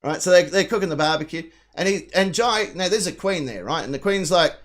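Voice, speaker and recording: A man's voice: sits high, expressive, brisk, few pauses. A man hosting a live show, rambling and swearing his way through a film recap and thanking donors. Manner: rambling, profane, retelling a film. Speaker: host. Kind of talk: casual live-stream chat.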